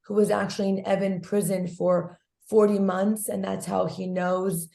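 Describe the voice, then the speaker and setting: Hoarse, gravelly woman on a video call. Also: mid-range voice, moderate pace. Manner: excited, talkative, effusive. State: hoarse from screaming at a protest. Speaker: guest activist. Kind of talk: casual interview. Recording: echoey room on a call.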